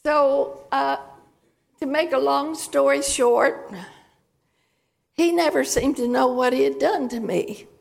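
A woman shares her testimony from church, her voice high and gravelly with a hoarse edge. She speaks slowly and plainly, telling her story in a folksy way and pausing to clear her throat. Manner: slow, folksy storytelling with emotional catches.

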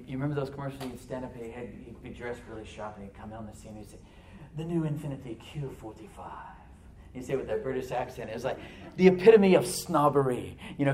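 A man's voice: medium pitch, slight background noise. Man preaching in an echoey church. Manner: swings from loud emphatic preaching to hushed near-whispers. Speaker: pastor. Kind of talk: sermon. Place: church sanctuary.

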